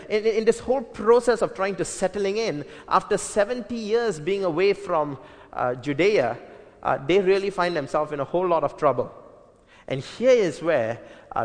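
A man's voice: on the high side, big-room sound. A man preaching an earnest Bible-teaching sermon, emphatic, with frequent fillers and restarts.

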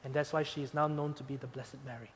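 A man preaching a sermon as pastor, swinging between loud emphatic points and quiet, soft passages. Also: mid-range voice, steady tone, fast talker, slight background noise. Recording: long hall reverb.

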